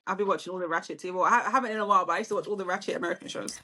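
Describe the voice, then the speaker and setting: A woman's voice: lowish voice, very fast, pushed and bright. An English woman, a guest on a casual football chat, talking in an upbeat, laughing way.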